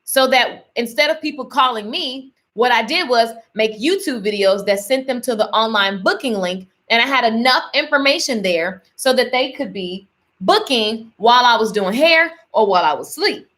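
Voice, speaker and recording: A woman's voice: fairly high pitch, normal speed. A young woman hosting a casual live stream, speaking straight to her viewers with lots of laughs and folksy phrasing. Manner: lively, talks straight to viewers, laughs often; folksy Southern-style phrasing, y'all and honey. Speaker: host of a live faith and business talk.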